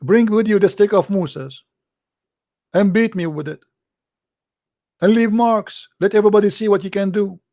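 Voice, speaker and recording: Call-in debate host, male, mocking and taunting, mellow voice pitched a bit high. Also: normal speed, long pauses. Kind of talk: live call-in religious debate.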